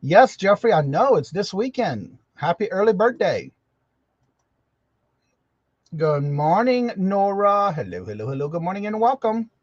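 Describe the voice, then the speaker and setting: A man's voice: high-pitched, sing-song, a little slow, no echo. Folksy man hosting a live chat. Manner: chatty, folksy, repeats greetings. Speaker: livestream host. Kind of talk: casual livestream chat greeting viewers. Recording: dull lo-fi sound.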